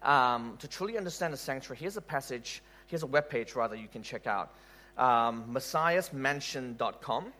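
A man preaching a sermon in an animated way, asking rhetorical questions and laughing at his own stories. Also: mid-range voice, moderate pace.

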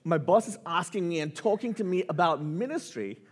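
A male preacher delivers a sermon in a lively, swinging voice. He tells a personal story and his pitch climbs as he gets excited. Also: fairly quick, breathy edge. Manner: animated storytelling, voice rising with excitement. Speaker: pastor.

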